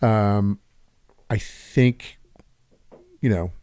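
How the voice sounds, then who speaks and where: A man's voice: lowish voice, extremely slow, warm tone, clean tone, no room sound. A man co-hosting a podcast, rambling profanely through casual political chat with lots of fillers. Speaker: podcast co-host.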